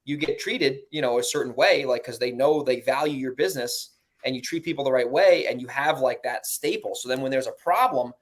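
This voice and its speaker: A man with a New York accent talking casually in a podcast conversation about his investing, profane and animated, mimicking other people in high mocking voices. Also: a little fast, few pauses. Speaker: real estate investor guest.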